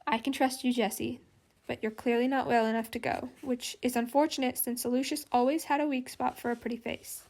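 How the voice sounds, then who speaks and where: A harried young woman in charge of an institute, fretful and exasperated, as a woman reads her. Her voice sits a little high, with gravelly edges as she pours out her worries. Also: steady tone, a little fast, a little mellow.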